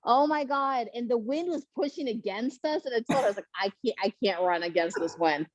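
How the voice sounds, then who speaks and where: Woman panelist, animated storyteller, dry muffled sound, mid pitch. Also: brisk, no echo. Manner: animated, laughing, acts out quotes. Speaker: panelist, first-time marathoner.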